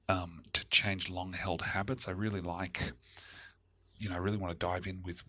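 A man's voice: sits low, sharp tone, slightly rough, no echo. A man co-hosting a casual podcast, easygoing and chatty, sometimes dropping to a near whisper. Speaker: co-host.

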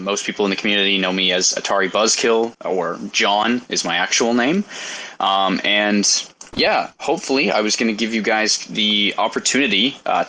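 A man hosting a live audio discussion, relaxed and rambling with frequent fillers. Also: on the low side, a little hiss or hum, poor audio. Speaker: host.

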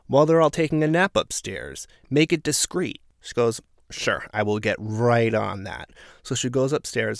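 A man's voice: medium pitch, creaky, dry recording, studio quality. A man giving a casual, sarcastic recap of a reality show, sometimes exasperated. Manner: exasperated, sarcastic, animated outbursts.

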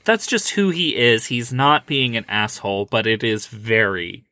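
Bright, lively man in a dry room. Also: mid-range voice, unhurried, smooth, no echo. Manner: animated storyteller, casual and profane. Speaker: podcast co-host. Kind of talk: casual film discussion.

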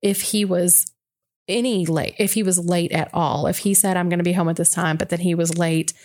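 Animated woman telling a story. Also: fairly low pitch, normal speed. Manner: animated, acts out her own quoted lines. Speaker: guest sharing a personal story. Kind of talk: casual conversational storytelling.

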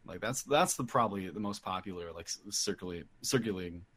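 A man co-hosting a podcast in laid-back casual chat, pausing to search for words. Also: deep voice, a bit bright. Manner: laid-back, hunting for words, slow when explaining.

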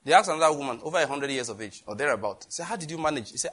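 A man preaching a sermon, lively, with laughter and questions thrown to the congregation. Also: a little high, racing, few pauses. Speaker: pastor.

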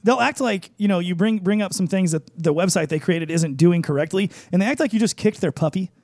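A fast-talking man with a slightly high voice speaks as a business coach, laying out client problems in a brisk, matter-of-fact way. The recording is close and dry. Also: darkish tone, dry recording. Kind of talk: casual talk show conversation.

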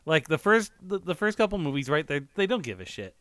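A man co-hosting a podcast in casual comedic chat, deadpan and a bit halting. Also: fairly high pitch, no echo. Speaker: podcast co-host.

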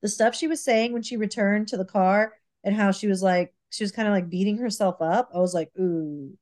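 A woman co-hosting a podcast in casual chat, emphatic and animated, often repeating herself as she makes her point. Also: mid-range voice, brisk. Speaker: podcast co-host.

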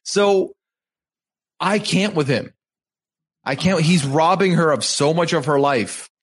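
A man's voice: a little high, slow. A man co-hosting a podcast over a video call, recapping reality-show events and adding emphatic, outraged commentary. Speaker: podcast co-host.

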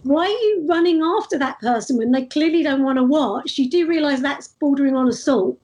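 A woman, telling stories in a casual, animated way as a guest in an interview. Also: high-pitched, fairly quick, rough recording. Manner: lively, animated storytelling with laughs. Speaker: street performer guest.

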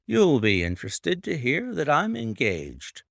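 A man voicing a calm, confident male detective who speaks in a measured, self-assured way. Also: a little high, creaky, no room sound, studio quality, pitched above the performer's own voice, heavily acted. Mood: amused. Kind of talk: audiobook reading.

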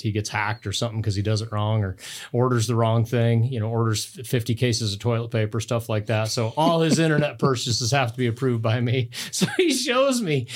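A middle-aged man, a podcast guest, telling casual stories with laughs and many restarts. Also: mid-range voice. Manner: animated, laughs mid-story, frequent restarts.

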